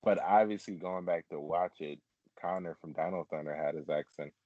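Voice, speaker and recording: Male host, very deep, rambling casual chat, lo-fi dull recording. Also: moderate pace, no room sound. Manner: rambling, filler-heavy, laughs often. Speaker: podcast host.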